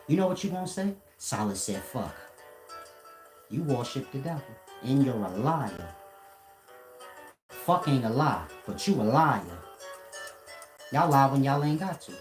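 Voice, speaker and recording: A man's voice: mid-range voice, a little mellow. Combative man ranting in a roomy space. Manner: confrontational, profane, lecturing. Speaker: commentator. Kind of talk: casual monologue rant. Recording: roomy echo.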